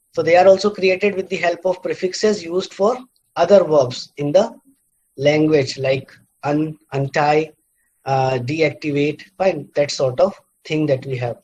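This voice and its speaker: Man, high-pitched, middle-aged, lecturing, halting with fillers, repeats words to show stress. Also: a little mellow, rough recording. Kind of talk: university lecture.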